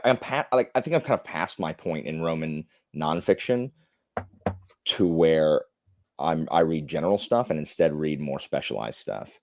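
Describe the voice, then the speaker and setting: A man's voice: low-pitched, a little mellow, no echo. A man hosting a live stream, chatting casually and answering viewer comments in a rambling, filler-heavy way with blunt opinions. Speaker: livestream host. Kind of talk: casual chat while reading viewer comments.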